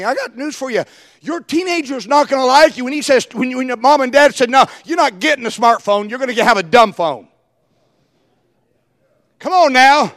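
A man preaching a fiery sermon, shouting for emphasis and acting out quoted dialogue. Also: very high voice, lively intonation, normal speed, dry recording, clean studio sound, in a large hall. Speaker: pastor.

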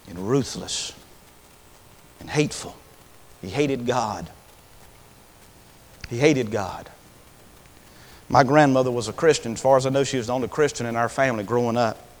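In a sermon, a male preacher with a mid-range voice recounts a story from his ministry. What starts as plain storytelling grows into passionate, pleading preaching, a sermon testimony.

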